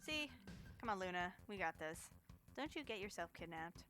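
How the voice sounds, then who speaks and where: A woman's voice: on the low side, expressive, moderate pace, fairly bright tone, faint music behind. A woman giving playful, chatty live-stream commentary while speedrunning a game, tossing jokey asides to her chat.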